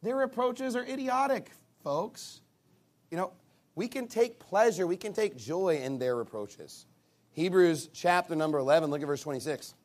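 A male pastor preaching a sermon in an animated, emphatic way, with sarcastic asides. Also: high voice, normal speed.

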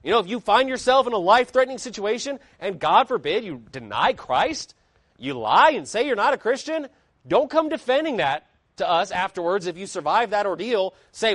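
A man's voice: high-pitched, very animated, normal speed, a bit bright, no room sound. Emphatic male preacher with a dry sound. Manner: emphatic preaching with rising and falling intensity; reads scripture aloud in old-style wording. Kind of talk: sermon.

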